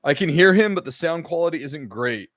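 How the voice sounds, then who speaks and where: A man's voice: fairly high pitch, animated, brisk, fairly bright tone, dry recording, clean studio sound. A man hosting a casual streamed podcast, venting his frustration and swearing often as he talks to the live chat. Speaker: podcast host. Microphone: podcast microphone.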